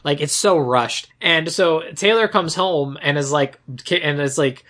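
A man co-hosting a casual movie recap, telling the plot in a quick, sarcastic way. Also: fairly high pitch, fairly bright tone. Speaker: podcast co-host.

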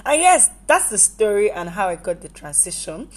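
A woman's voice: mid-range voice, very animated, moderate pace. A woman from Nigeria, hosting a casual personal podcast monologue in a goofy, rambling way that keeps correcting itself. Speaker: podcast host.

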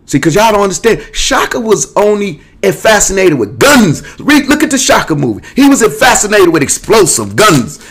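With a high, very animated voice that is fairly bright and has a breathy edge, a male show host speaks at normal speed, with hardly any pauses. His monologue to camera is rambling and restless, jumping between topics in casual, streetwise speech with cursing.

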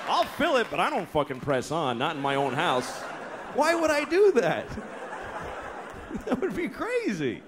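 A man performing stand-up on a club stage, his fairly high voice leaping up and down as he acts out exasperated, profane stories. Laughter from the crowd rises behind him on a live recording with faint background noise. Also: huge pitch swings, measured pace. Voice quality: profane, exasperated storytelling with mock-voiced characters. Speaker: stand-up comedian. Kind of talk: stand-up comedy set. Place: comedy club stage before a laughing audience.

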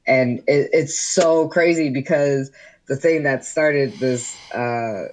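A man's voice: mid-range voice, slow pace, a little hiss or hum, poor audio. Guy on a podcast telling his story, candid, says like a lot, regular mid voice. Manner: candid storytelling, heavy use of "like". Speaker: podcast guest. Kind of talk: casual interview chat.

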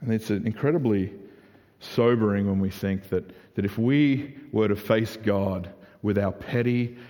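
A young adult man preaching a sermon in a casual, animated way, full of "like" fillers. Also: fairly low pitch, a little slow. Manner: conversational, animated, frequent "like" fillers. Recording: reverberant hall.

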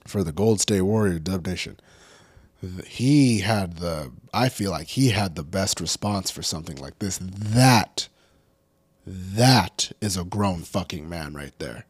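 A man with a very low, husky voice rants, swearing constantly and climbing into loud, heated bursts. The sound is dry and close, with no room around it. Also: measured pace, no echo. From California. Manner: profane, heated, builds to shouting. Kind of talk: angry unscripted rant.

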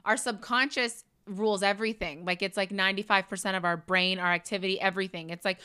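A woman's voice: mid-range voice, fairly even intonation, fast talker, bright, forceful tone, clean tone. A young woman co-hosting a casual chat, telling stories with animation and swearing freely. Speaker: podcast co-host.

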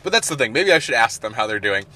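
A man's voice: medium pitch, sing-song, fast, sharp tone. A man co-hosting a podcast, chatting casually and rambling with lots of fillers and laughs. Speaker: podcast co-host. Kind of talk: casual chat.

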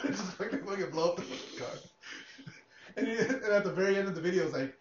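A man's voice: on the high side, quick pace. A man hosting a casual podcast, rambling and swearing, often laughing. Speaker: podcast host. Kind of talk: casual chat. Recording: echoey room, dull lo-fi sound.

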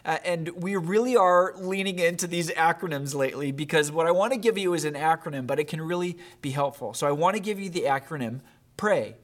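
A man's voice: on the high side, fairly quick. A man preaching a sermon as a pastor, reading a story aloud in an earnest way, with many fillers and restarts.

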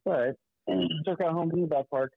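A man's voice: a little high, moderate pace, creaky, husky, dry recording. A man calling into a podcast as a guest, laid-back and casually swearing, heard over a phone line. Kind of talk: casual chat. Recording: tinny phone-line call.

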